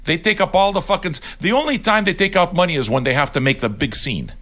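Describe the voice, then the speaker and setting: Older male streamer, fairly high voice with bright tone; blunt, sweary, argumentative casual rant. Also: lively intonation, fast. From Neapolitan heritage. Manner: blunt, sweary and argumentative, addressing viewers directly. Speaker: livestream host. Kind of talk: profane casual rant on a livestream.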